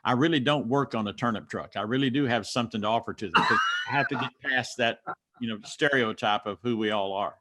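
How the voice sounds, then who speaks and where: A man's voice: mid-range voice, fast talker, bright, forceful tone, a little hiss or hum. A man from the mountains of North Carolina with a Southern accent, coaching speakers step by step and telling personal stories in a folksy, emphatic way. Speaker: speaker coach answering questions. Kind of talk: teaching Q&A and personal storytelling.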